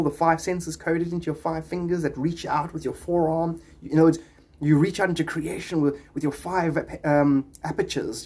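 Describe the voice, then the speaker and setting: A man's voice: on the high side, a little mellow. A man chatting on a live stream, reading viewers' comments and rambling into spiritual musings.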